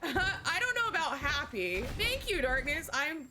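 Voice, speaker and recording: A woman's voice: high voice, very animated, a little slow, background noise. A woman streaming live, chatting casually with her viewers while she plays, candid and swearing often, repeating herself. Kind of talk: casual chat while gaming. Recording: loud game music under voice. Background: loud game music.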